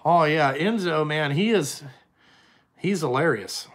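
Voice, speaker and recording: A young man rambles through a casual live stream and swears freely as he answers viewers. His speaking voice sits a little high for a man. The talk is loose and conversational. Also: animated, slow pace. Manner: profane, rambling, answers chat questions. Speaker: trucking company owner streaming live.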